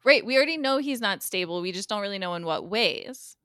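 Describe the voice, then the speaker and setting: Bright animated woman recapping a show. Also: medium pitch, clear, resonant tone, no echo, clean studio sound. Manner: animated storyteller, acts out lines with quick voice shifts. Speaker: guest co-host recapping a TV episode. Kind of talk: casual podcast chat.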